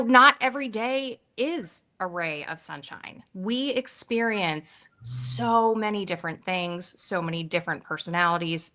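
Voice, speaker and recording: A woman real estate agent on a panel, speaking in an earnest, steady, motivational way. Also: lowish voice. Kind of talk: reflective panel talk.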